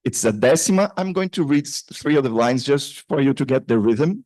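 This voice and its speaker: Man presenting research, halting, dry close sound, mid pitch. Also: animated, darkish tone, dry recording. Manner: hesitant, many restarts and fillers. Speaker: conference presenter. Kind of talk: academic paper presentation. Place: conference room.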